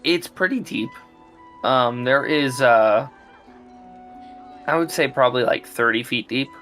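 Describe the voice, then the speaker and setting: A man narrating as game master of a tabletop game, in a relaxed, halting way. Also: mid-range voice, soft background music.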